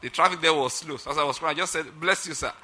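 A man's voice: a little high, rapid-fire, sharp tone. A middle-aged man preaching a sermon emphatically, often checking that listeners follow his point. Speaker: pastor.

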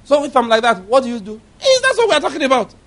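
Man preaching a sermon, high voice, from nigeria, quiet murmurs rising to loud exhortation, rhetorical questions to the congregation. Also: huge pitch swings, fast talker. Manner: swings between low murmurs and loud exhortation.

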